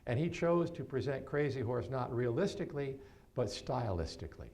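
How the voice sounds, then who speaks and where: Older man telling a story onstage. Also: moderate pace. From New York, USA. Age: 70s. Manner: animated, laughing storyteller with lively swings in pitch. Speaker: keynote speaker and storyteller. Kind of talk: storytelling keynote talk.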